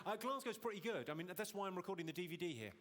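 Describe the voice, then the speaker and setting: A man doing live stand-up comedy on stage, teasing the audience with quick deadpan insults. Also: high-pitched. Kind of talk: live stand-up with crowd work. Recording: loud audience laughter and noise.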